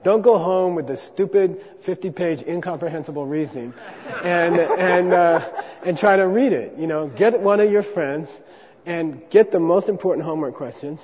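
A man's voice: sits high, normal speed, few pauses. A man teaching a class how to debate, joking and calling out syllables for the room to repeat. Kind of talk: hands-on class demonstration with call-and-response drills. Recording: dull recording in a reverberant hall.

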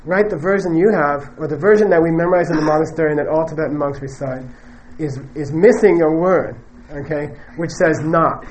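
A man's voice: a little high, fairly quick, few pauses, a little hiss or hum, low-quality recording. A man teaching Buddhist philosophy in a lecture, joking and laughing often and ending points with "okay?". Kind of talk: classroom dharma lecture.

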